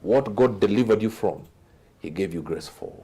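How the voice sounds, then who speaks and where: Husky man telling a dramatic story. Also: fairly low pitch, animated, normal speed. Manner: dramatic storyteller, voice swings from loud to hushed. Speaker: guest speaker. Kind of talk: motivational storytelling.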